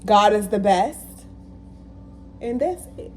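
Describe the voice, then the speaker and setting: Woman vlogger, animated motivational talk, repeats lines for emphasis, faint hum behind. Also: medium pitch, takes it slowly. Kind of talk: casual motivational talk to camera.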